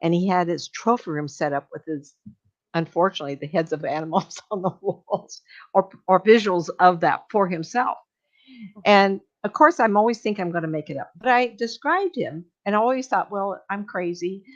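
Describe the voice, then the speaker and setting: A woman's voice: fairly low pitch, moderate pace. An older woman, a medium, telling chatty, meandering stories to a live audience, laughing and acting out what people said. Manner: chatty, meandering storytelling with laughs and acted-out quotes. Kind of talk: storytelling talk to a live audience. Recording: dull lo-fi recording.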